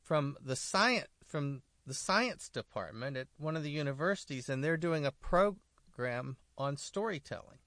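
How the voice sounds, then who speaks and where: Male talk host, inquisitive, animated pitch, dry close sound. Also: unhurried, no echo. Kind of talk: casual panel talk.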